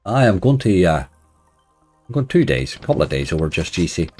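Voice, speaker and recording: A man's voice: deep voice, very animated, fairly quick, faint music behind. A man chatting casually on a live stream, greeting viewers and joking wryly while he plays. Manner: wry, laughs softly at his own remarks.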